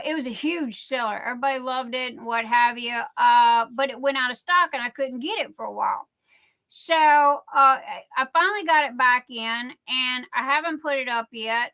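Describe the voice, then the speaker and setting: A middle-aged woman hosting a casual livestream, telling stories in a rambling, excitable way. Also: sits high. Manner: rambling, excitable, chatty storytelling. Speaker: livestream host.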